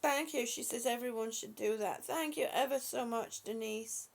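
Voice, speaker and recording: A woman hosting a live stream, speaking softly and affectionately to her viewers with halting, repeated words. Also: on the high side, creaky, slight background noise. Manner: soft, affectionate, calls viewers honey and sweetie. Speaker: livestream host reading viewer comments. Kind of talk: slow casual live chat.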